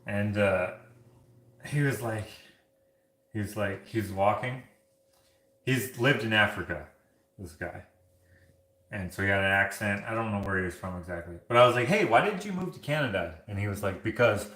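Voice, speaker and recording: A man's voice: fairly low pitch, normal speed, pauses often, fairly bright tone, reverberant. A man hosting a casual livestream from his home kitchen, washing dishes while he reads comments and rambles, full of filler words like "like". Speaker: streamer and host.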